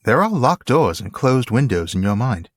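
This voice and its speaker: A man voicing a grave, stern captain in a read-aloud passage, measured and commanding. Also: mid-range voice, big pitch swings, dry recording, clean studio sound.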